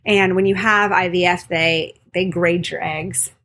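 Candid husky woman telling her story. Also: fairly low pitch, steady tone, unhurried, a bit bright. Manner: candid, storytelling with quoted voices. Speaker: midwife and podcast co-host. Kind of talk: personal story in casual conversation.

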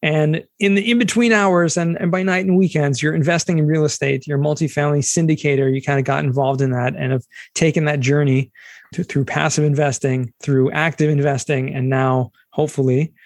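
A man's voice: on the high side, steady tone, brisk, no echo, clean studio sound. A man in his forties hosting a podcast interview, enthusiastic and upbeat. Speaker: podcast host.

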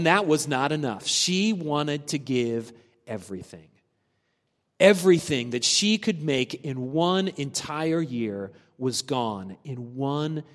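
A man preaching a sermon, earnest and deliberate, letting his phrases fall soft at the ends. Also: on the high side. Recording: long reverb of a large hall.

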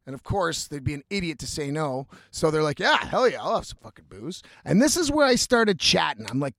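A man's voice: fairly high pitch, very animated, a little fast, few pauses, fairly bright tone, no room sound. A man telling a rambling, profane story in a casual way, speaking as the host of his own show. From Canada.

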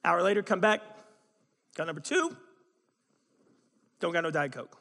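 A man's voice: sits high, very animated, measured pace, bright, forceful tone. A man preaching a sermon as a pastor, telling stories in a conversational way with self-mocking humor, recorded in a church sanctuary. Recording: long hall reverb.

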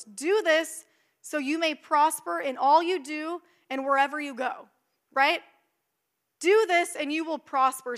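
A young woman preaching a sermon in a conversational, animated way, acting out her own thoughts. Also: high voice.

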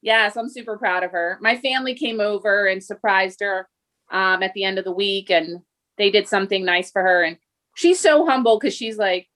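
A woman in her forties, a mother and podcast co-host, telling a story in casual chat with excitement. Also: medium pitch, normal speed.

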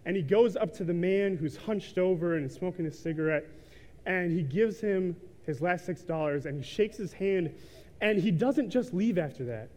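High-voiced preacher in echoing church. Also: male voice, moderate pace, a little mellow. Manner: casual storytelling full of ums and likes. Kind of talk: sermon. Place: church sanctuary. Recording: reverberant church hall.

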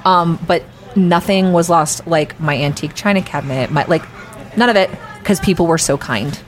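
Animated storytelling woman, lowish voice. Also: moderate pace. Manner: animated storyteller, acts out quotes with big pitch jumps. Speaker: podcast co-host. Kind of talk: casual chat. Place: restaurant table.

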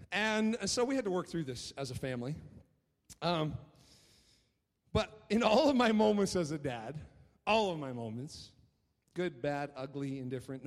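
A man preaching a sermon as pastor, telling stories in an animated way and often repeating his words. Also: mid-range voice. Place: church hall. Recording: long reverb of a church hall.

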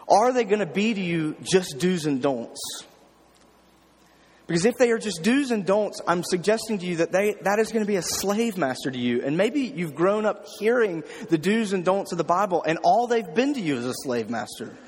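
A man's voice: sits high, breathy edge, big-room sound. A man preaching an informal sermon, often checking in with the listeners. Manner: talks informally, checks in with "okay?" and "right?". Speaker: pastor. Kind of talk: conversational sermon.

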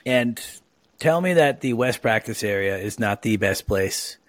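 A man's voice: fairly low pitch, lively intonation, unhurried, a bit bright, no room sound. A man hosting a podcast who chats casually, rambling with plenty of fillers. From Oregon, USA. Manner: chatty, rambling with many fillers. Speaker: podcast host. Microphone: own mic on a remote call.

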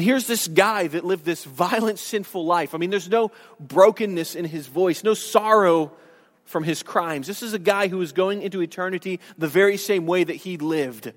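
A man's voice: sits high, big-room sound. A man preaching a sermon to his congregation, earnest and conversational, with restarts and asides. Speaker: pastor. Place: church sanctuary.

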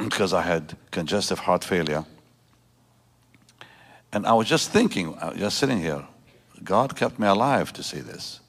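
Deep-voiced pastor in his seventies. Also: animated, gravelly, husky. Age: 70s. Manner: emotional storytelling with halting restarts. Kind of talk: prayer and personal testimony sermon. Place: church service before a congregation.

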